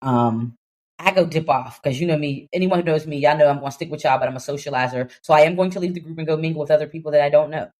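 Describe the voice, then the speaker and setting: Fast-talking young woman telling a story. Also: deep voice. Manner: animated, laughing, acts out voices in her story. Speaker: podcast co-host. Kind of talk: casual storytelling chat.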